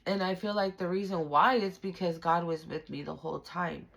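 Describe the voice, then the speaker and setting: A woman's voice: on the low side, steady tone, normal speed, vocal fry, fairly bright tone. A woman giving a spiritual tarot reading straight to the viewer, emphatic and slangy, with frequent swearing. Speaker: tarot reader.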